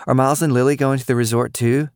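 A man voicing an energetic, chatty young girl who is eager, nosy and bossy, in a storybook reading. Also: medium pitch, fast, smooth, dry recording, studio quality, voice pushed up, close to an everyday voice. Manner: eager, inquisitive, commanding.

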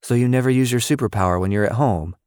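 A man's voice: medium pitch, quick pace, clean tone, dry recording, clean studio sound, pitched above the performer's own voice, lightly acted. A man voicing an enthusiastic, supportive boy who praises his friend in an audio story. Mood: excited. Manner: excitable and praising.

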